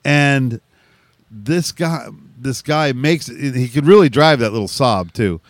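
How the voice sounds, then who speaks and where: A middle-aged man telling a rowdy story in casual chat, animated, swearing freely and laughing often. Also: mid-range voice, unhurried, dry recording.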